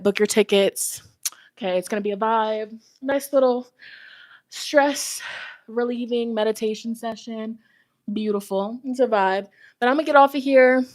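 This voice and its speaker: A woman's voice: on the high side, no room sound. A woman tarot reader chatting casually with her livestream viewers, out of breath, giggly and talkative, speaking close to her phone microphone at home. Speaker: tarot reader and spiritual host. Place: at home, walking around. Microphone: phone microphone held close.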